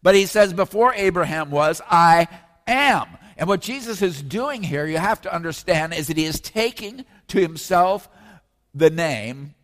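A man preaching a sermon as pastor, slowing down and lifting his voice when he quotes scripture. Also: sits high, lively intonation. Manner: emphatic preaching, slows and rises on scripture. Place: church sanctuary. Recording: long reverb of a church hall.

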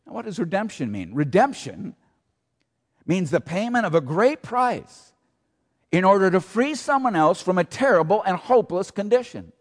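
This pastor's high voice rises and falls in a sing-song at normal speed as he delivers an emphatic sermon. Rhetorical questions and repeated key phrases ring out in the sanctuary's long reverb.

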